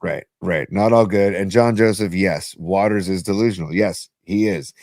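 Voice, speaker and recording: A man's voice: sits low, moderate pace, darkish tone, dry recording. A man, co-hosting a casual podcast chat, rambling and musing as he talks. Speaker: podcast co-host.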